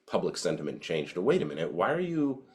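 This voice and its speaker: A man's voice: low voice, sing-song, fairly quick, a little mellow, slight background noise. A man co-hosting a podcast, chatting casually and profanely over cigars and whiskey, with plenty of fillers. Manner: laid-back and profane, with frequent fillers. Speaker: podcast co-host. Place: indoors, home podcast setup.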